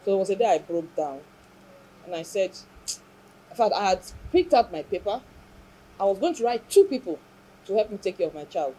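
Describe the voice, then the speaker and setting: A woman speaks as an interview guest, earnest and reflective as she tells her story. Her voice is warm and mellow, at a middle pitch for a woman. A faint hiss sits under the recording. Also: animated, fairly quick, pauses often, low-quality recording. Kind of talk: emotional personal testimony.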